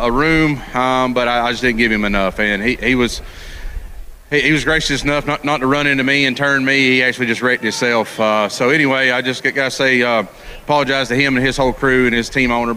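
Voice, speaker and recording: A man talking at the track just after winning a race, a little out of breath, halting and restarting often. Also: medium pitch, sharp tone, a little hiss or hum. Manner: halting, many restarts and thank-yous. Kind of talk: post-race victory interview. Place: outdoor racetrack.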